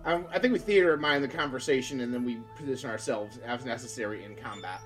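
A man's voice: mid-range voice, fast talker, soft background music. A man playing a tabletop game, talking casually in a hesitant, rambling way. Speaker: player.

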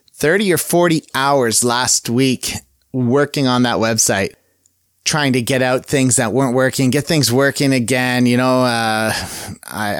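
A man hosting a podcast on his own, talking casually and cheerfully at a middling pitch. He drifts between topics with plenty of ums and restarts. His voice sounds dry and close, with no room echo. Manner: rambling and upbeat, with many fillers and self-corrections. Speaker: podcast host. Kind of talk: casual solo podcast chat.

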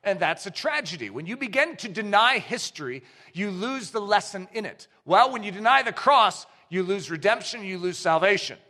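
Male pastor, high bright voice, emphatic sermon delivery that climbs to shouts, long church reverb. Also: animated, moderate pace. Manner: emphatic preaching that builds to shouts.

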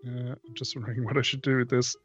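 Male player, medium pitch, hesitant, thinks out loud, faint music behind. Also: level tone, fast, breathy edge. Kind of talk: casual play chat.

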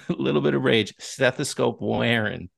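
Man, gravelly voice, dry close sound, playful, giggly banter. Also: mid-range voice, a little slow, no room sound. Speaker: podcast co-host. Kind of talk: casual chat.

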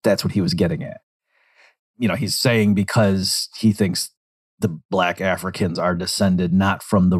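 Guy with a really low voice breaking down an interview clip, wanders off on side points. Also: husky. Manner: digressive, explanatory, acts out quotes. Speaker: commentator. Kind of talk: analytical commentary on interview clips.

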